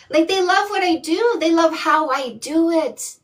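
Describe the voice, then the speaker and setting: A woman from Canada coaching on dating in a live stream, blunt, sassy and emphatic as she reads out comments. Her voice sits high and she takes her time, slightly set back from the mic. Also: expressive, measured pace, recorded from a distance. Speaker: dating coach and livestream host. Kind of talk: live-stream chat, reading viewer comments.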